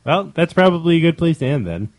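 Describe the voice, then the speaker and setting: A man's voice: a little high, very animated, fast, no room sound. A man hosting a podcast, teasing his co-hosts in casual chat. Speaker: podcast host.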